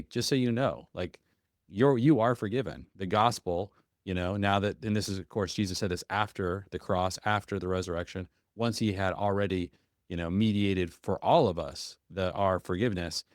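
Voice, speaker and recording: A man with a low voice hosts a faith-based podcast. He talks earnestly and thoughtfully, pausing on fillers as he works through ideas. The sound is dry and close. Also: dry recording. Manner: earnest, reflective, many fillers. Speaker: podcast host. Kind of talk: casual faith-based conversation.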